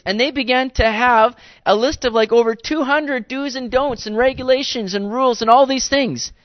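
A man preaching a sermon in a conversational, animated way, with playful asides to the congregation. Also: very high-pitched, no room sound, highs cut off. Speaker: pastor.

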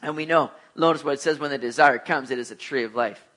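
A man's voice: mid-range voice, fast, fairly bright tone. A man preaching a conversational sermon, mixing jokes with emphatic exhortation. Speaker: pastor.

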